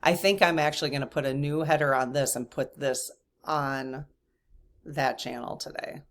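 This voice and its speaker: A woman's voice: extremely low pitch, fairly even intonation, moderate pace. A woman hosting her own channel, chatting casually to viewers in a rambling way, with frequent restarts and laughter. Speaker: channel host. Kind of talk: casual chat to camera.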